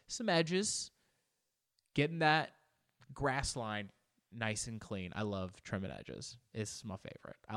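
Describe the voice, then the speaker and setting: Rambling, self-mocking young man vlogging. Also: medium pitch. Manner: rambling, animated, self-mocking humor with frequent restarts. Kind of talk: casual talking-to-camera vlog.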